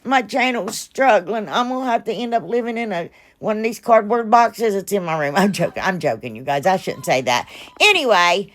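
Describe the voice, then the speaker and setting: A chatty woman hosting a homemade craft vlog and talking straight to her viewers. She rambles from project to project, pokes fun at her own slip-ups and pleads warmly for subscribers. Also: mid-range voice, expressive, moderate pace. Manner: self-deprecating, laughs at her own mistakes. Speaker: craft channel host. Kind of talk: casual DIY crafting vlog.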